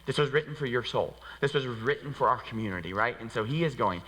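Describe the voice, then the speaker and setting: A male pastor delivers a sermon in a loose, conversational way and keeps checking in with the room with quick rhetorical asides. His voice is bright and sits in a middle pitch. A long reverb trails off his words in the church sanctuary. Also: breathy edge. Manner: conversational and animated, with many rhetorical "right?" asides. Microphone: handheld microphone.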